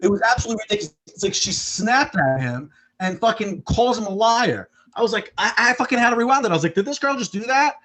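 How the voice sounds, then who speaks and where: A man's voice: sits high, lively intonation, quick pace, fairly bright tone. A man in his thirties co-hosting a sports podcast, ranting heatedly with lots of swearing and restarts. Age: 30s. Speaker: podcast co-host. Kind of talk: casual sports talk.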